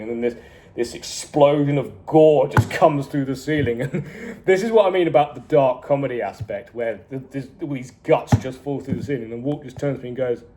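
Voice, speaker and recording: A man casually reviewing a TV series, retelling scenes with animated energy, frequent chuckles and swearing. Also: mid-range voice, slight background noise. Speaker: TV show reviewer.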